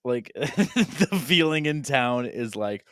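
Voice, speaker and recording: A man's voice: mid-range voice, expressive, slow pace, a bit bright, smooth, no room sound, studio quality. A man co-hosting a sports podcast, talking in a gleeful, mocking way and swearing casually. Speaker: podcast co-host.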